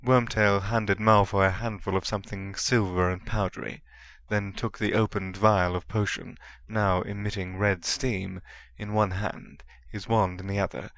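A man with a fairly low voice narrates a story at an even, steady pace. The reading has a close, dry sound with no room around it. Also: measured pace, few pauses, no room sound.

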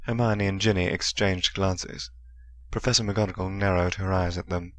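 A man narrating a fantasy audiobook in a steady storytelling manner. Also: low-pitched, moderate pace, dry recording. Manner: steady storytelling with soft character voices. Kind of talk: scripted narration.

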